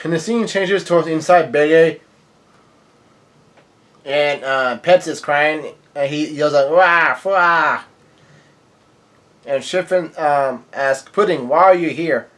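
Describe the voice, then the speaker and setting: A man's voice: fairly high pitch, a little slow. A man casually reading comic dialogue aloud, often stumbling and correcting himself, with surprised outbursts. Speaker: manga reaction reader.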